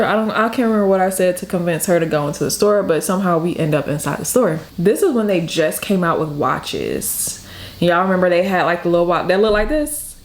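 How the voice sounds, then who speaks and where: A woman's voice: on the low side, lively intonation, brisk. A young woman from the Detroit area, chatting through a makeup tutorial while telling a story with lots of "like". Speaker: beauty vlogger. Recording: echoey room.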